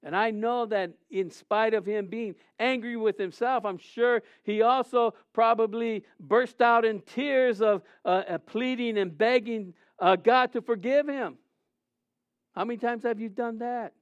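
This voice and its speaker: A middle-aged man preaching a sermon as pastor, his delivery swinging between emotional, raised passages and quiet, subdued confessions. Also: very high-pitched, measured pace, clear, resonant tone, dry recording, muffled recording. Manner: emotional preaching with rising and falling intensity.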